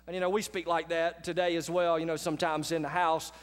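A high-voiced man delivers a sermon from the pulpit. He keeps a casual, conversational tone but pushes his key lines with force. His voice rings out in a large hall with a long reverb tail. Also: little pitch movement, fast. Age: adult with children. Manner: conversational preacher, swings between quiet asides and loud emphatic lines. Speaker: pastor.

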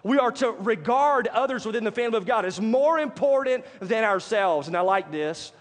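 Man, pastor, conversational sermon, call-and-response, high voice, echoing hall. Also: expressive, moderate pace.

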